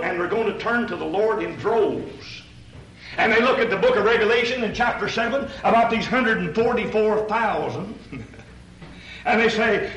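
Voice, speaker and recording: Folksy high-voiced preacher in a roomy hall. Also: male voice, a bit bright. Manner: folksy, conversational, asks the congregation rhetorical questions. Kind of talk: sermon.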